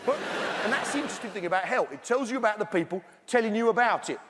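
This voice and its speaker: A man's voice: high voice, lively intonation, fast. A British man doing a stand-up routine on a theatre stage, brash and talking straight to the crowd. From Britain. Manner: brash, addresses the crowd directly. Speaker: stand-up comedian. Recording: echoey theatre, loud audience noise.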